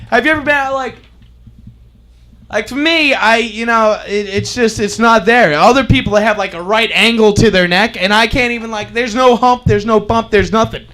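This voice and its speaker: A man's voice: very high-pitched, moderate pace, bright, forceful tone. A man doing a stand-up comedy bit, laughing through his own jokes.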